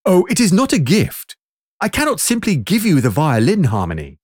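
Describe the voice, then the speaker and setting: Reader doing a calm wise lady with a wand, measured and kind, storybook. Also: medium pitch, no echo, studio quality. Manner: calm, instructing.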